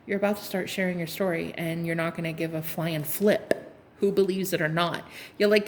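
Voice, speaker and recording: A woman's voice: on the low side, steady tone, brisk, a little hiss or hum. Sassy laughing woman reading tarot. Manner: sassy and playful, laughs often, swears, calls viewers honey. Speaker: tarot card reader. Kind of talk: casual pick-a-card tarot reading to viewers.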